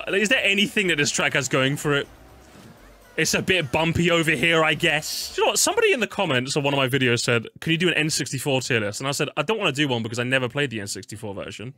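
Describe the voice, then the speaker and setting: A young man doing casual live-stream commentary while ranking game tracks, swearing a lot and jumping into high-pitched squeals when annoyed. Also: big pitch swings, brisk, pushed and bright. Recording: game music playing faintly behind.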